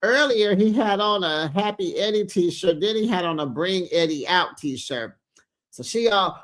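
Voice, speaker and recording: With a medium-pitched voice, a host runs through a reality show in a relaxed, chatty recap. Quick teasing jabs, frequent laughter, and impressions of what cast members said fill the talk.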